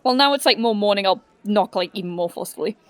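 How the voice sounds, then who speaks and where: A woman's voice: mid-range voice, lively intonation, quick pace, no echo. A woman playing a tabletop game, chatting in a hesitant, casual way full of "like.". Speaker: player. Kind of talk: casual tabletop role-play.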